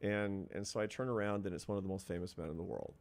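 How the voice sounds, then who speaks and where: A man's voice: low voice, fairly even intonation, fast talker, a little mellow. A middle-aged man, an interview guest and social scientist, telling a reflective story in an earnest, step-by-step way.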